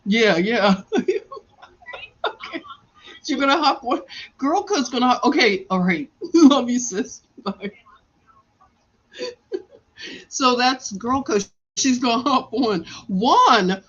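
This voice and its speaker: A woman with a fairly high voice tells a story slowly and chattily on a live stream from a hospital room. She laughs often and acts out what others said. The sound is dull and lo-fi, like a phone stream. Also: animated, breathy edge.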